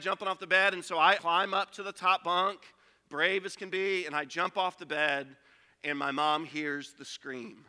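A man's voice: a little high, bright, forceful tone. A man preaching a sermon as pastor, telling a personal story in a conversational way with acted quotes. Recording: long hall reverb.

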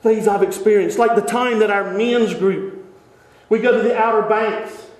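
A man preaching as a pastor, telling stories in an animated way, often laughing and dropping to hushed tones. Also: sits high, moderate pace. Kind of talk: sermon storytelling. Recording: echoey church hall.

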